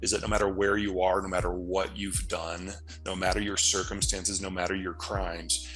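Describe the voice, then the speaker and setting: Deep-ish guy from the us laying out his take bluntly, talks easy and plain, faint music under him. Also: fairly bright tone. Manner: blunt, fluent explaining with casual asides. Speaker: geopolitical analyst guest. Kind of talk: interview answers.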